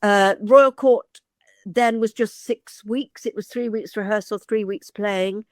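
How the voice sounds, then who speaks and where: A woman's voice: mid-range voice, slow, dry recording, studio quality. Older woman telling stories. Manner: lively anecdotal storyteller, hesitant fillers. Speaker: guest, former actress and agent. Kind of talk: casual chat.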